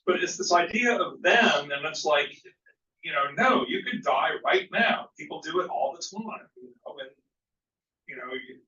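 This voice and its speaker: A man's voice: fairly high pitch, expressive, normal speed, pushed and bright. A man in a church study group sharing his thoughts in a rambling, casual way, full of "you know" and "it's like.". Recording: roomy, distant, lo-fi sound.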